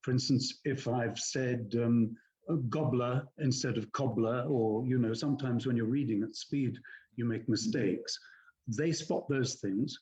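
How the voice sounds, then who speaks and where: An older man, an audiobook narrator, explaining his craft in a measured, courteous, articulate way. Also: mid-range voice, darkish tone, low-quality recording. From England. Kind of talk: interview answers, explaining narration technique.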